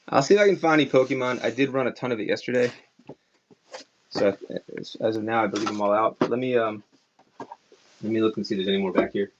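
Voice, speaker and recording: Casual male live-stream seller, faint Maryland accent, mid-pitched, rambling talk, dull lo-fi audio with faint clicks. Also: a little hiss or hum. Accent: slight Maryland. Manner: rambling, chatty, many "like" fillers. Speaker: online auction seller. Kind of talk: casual live-selling chat.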